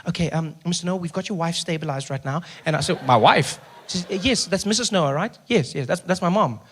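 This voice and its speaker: On a theater stage before a live audience, a South African stand-up comedian tells a story in a high, slightly rough voice at a quick pace, heard through a handheld mic. He animatedly slips in and out of the characters in his tale, bursting into loud shouts at their antics.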